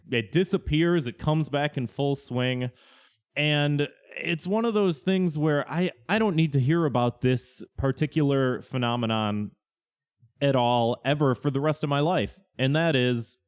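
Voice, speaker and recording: A man's voice: fairly high pitch, clean tone. A man co-hosting a comedy podcast, chatting casually and ranting with mock-condescending asides. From Chicago area. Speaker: podcast co-host.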